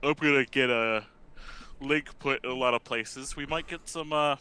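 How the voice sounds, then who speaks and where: A podcast co-host with a bright, tense tone, a smooth, clear voice and a mid-range pitch. He throws quick, sarcastic quips into the casual chat.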